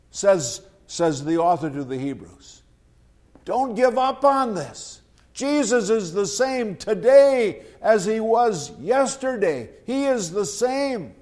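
A man preaching a sermon, slow and emphatic, repeating his key phrases. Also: high voice, a little mellow.

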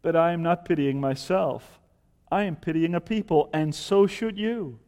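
A male preacher delivers a fervent sermon, his voice sitting high for a man. He swells into loud, emphatic appeals and then drops back to calm teaching. The sound carries a long reverb, as in a large hall. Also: moderate pace.

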